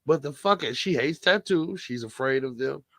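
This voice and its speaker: A man's voice: on the high side, lively intonation, moderate pace, sharp tone, dry recording. Profane man telling a story. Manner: profane, storytelling, acts out quoted dialogue. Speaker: podcast co-host. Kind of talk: casual chat.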